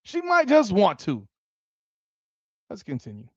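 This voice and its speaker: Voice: mid-range voice, measured pace, dry recording, muffled recording. Heated, swearing sports commentary host. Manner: profane, heated and animated. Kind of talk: ranting livestream commentary.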